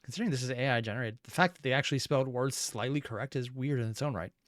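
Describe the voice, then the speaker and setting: A woman's voice: rumbling low, racing, no echo, clean studio sound. A woman hosting a reaction video, making self-deprecating jokes in casual commentary. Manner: self-deprecating, joking asides. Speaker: reaction host.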